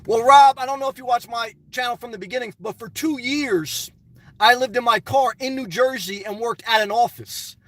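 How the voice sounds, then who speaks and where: A man's voice: extremely high pitch, moderate pace, a bit bright, dry recording, recorded from a distance. A middle-aged man hosting a casual live stream, answering chat in a blunt, opinionated, rambling way.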